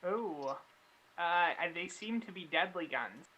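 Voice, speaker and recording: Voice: mid-range voice, lively intonation, slow, bright, forceful tone, husky, dry recording, dull audio. A tabletop game player, speaking politely and somewhat hesitantly. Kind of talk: casual tabletop play.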